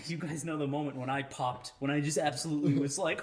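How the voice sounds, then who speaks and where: A man co-hosting a casual podcast chat, animated and excitable, often laughing. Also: fairly high pitch, fairly quick, soft background music. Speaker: podcast co-host.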